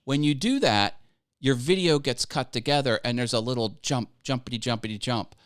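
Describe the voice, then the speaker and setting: A man's voice: medium pitch, moderate pace, smooth, no room sound, clean studio sound. Upbeat man hosting a live stream. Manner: upbeat, chatty, laughs easily, thanks viewers. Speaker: YouTube coaching livestream host. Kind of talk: casual live-stream teaching and Q&A.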